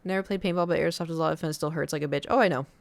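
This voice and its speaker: A young woman streamer casually telling a story to her chat, acting out other people's lines in a high voice. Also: racing, vocal fry.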